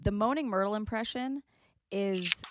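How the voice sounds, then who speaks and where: A woman's voice: medium pitch, moderate pace, noisy background. A woman in her thirties, a comedian hosting a podcast, chatting casually and animatedly and often laughing. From United States. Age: 30s. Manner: animated, laughs often, slips into playful voices.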